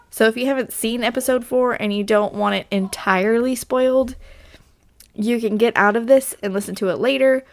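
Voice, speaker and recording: A woman hosts her podcast in a loose, rambling solo chat. Her voice is scratchy from allergies, and her talk is full of fillers and side turns. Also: mid-range voice. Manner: rambling, chatty, with many fillers. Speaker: podcast host.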